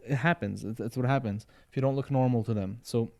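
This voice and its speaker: This fast-talking man of Sephardi background has a gravelly, darkish mid-range voice. In relaxed podcast conversation he wanders, repeats himself, and keeps tossing in "right?" and "you know."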